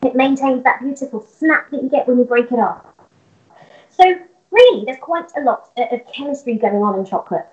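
A woman's voice: high-pitched, fairly quick. A woman presenting an upbeat home science demonstration, explaining step by step with casual fillers. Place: home kitchen. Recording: roomy, dull home recording.

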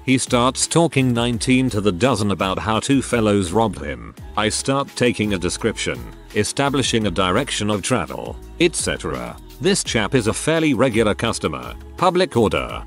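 Guy reading reddit stories, lowish voice, bounces around in pitch, soft music behind. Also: very animated, moderate pace. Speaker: narrator. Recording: faint background music.

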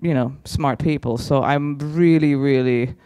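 A man's voice: medium pitch, a little slow, darkish tone, clear, resonant tone. A man doing stand-up crowd work on a conference stage, brash and teasing, swearing freely as he ribs the audience. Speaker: stand-up comedian.

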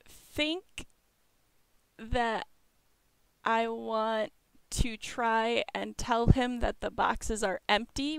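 A woman's voice: a little high, vocal fry, smooth, no echo. A woman playing a tabletop game, talking casually and thinking aloud through the rules. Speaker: player.

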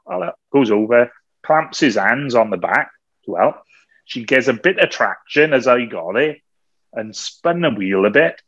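A man's voice: mid-range voice, dry recording. A man with a mid-range voice tells a story with gusto, laughing often and acting out the other people's lines. The recording is dry and slightly dull. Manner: lively storyteller, laughs often, acts out quotes. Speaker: podcast co-host. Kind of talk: anecdotal storytelling.

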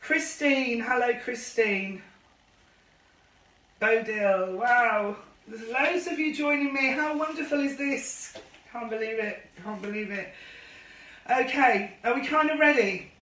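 A woman's voice: on the high side, takes it slowly, a bit bright, distant mic. A woman running a line dance class on a live stream, chatty and effusive as she greets viewers by name. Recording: roomy echo, voice off-mic.

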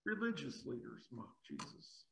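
A man's voice: mid-range voice, wildly swooping pitch, moderate pace, vocal fry, a bit bright, poor audio. A man preaching an expository sermon, emphatic, asking rhetorical questions and often repeating words as he builds a point.

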